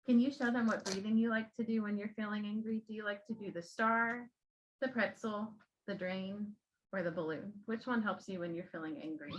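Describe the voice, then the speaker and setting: In a slightly muffled, lo-fi recording, a teacher trainer demonstrates in a classroom for other teachers. Her ordinary-pitched voice stays steady at a normal speed as she gently, patiently explains and keeps a child at her side steady.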